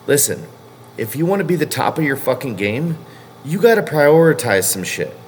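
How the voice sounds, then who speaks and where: A man's voice: fairly high pitch, sing-song, normal speed, a little hiss or hum. Blunt, foul-mouthed man coaching lifters. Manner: blunt, heavily profane, scolding. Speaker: powerlifting coach. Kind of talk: casual vlog rant.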